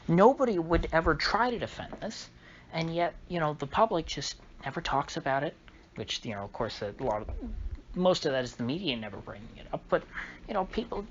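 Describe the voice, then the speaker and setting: A man hosting a solo political commentary monologue, talking in a halting way with frequent restarts and an indignant tone. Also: fairly high pitch, animated. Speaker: channel host. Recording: slightly dull recording with faint noise.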